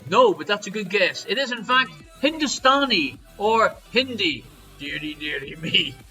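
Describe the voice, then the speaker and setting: A man hosts a live online quiz with a high, bright voice. He reads out questions with jokey showman patter and sudden loud calls of each number. Faint music plays behind him. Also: sing-song, moderate pace, poor audio. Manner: jokey, showy quizmaster patter with big swings in loudness. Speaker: quiz host. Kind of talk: live-streamed pub quiz hosting. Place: home streaming setup.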